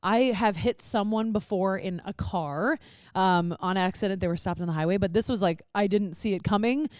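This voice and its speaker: Animated young woman telling a story. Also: mid-range voice, moderate pace, no room sound, clean studio sound. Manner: animated storytelling, swearing, acting out her own reactions. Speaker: podcast co-host. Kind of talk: casual podcast chat.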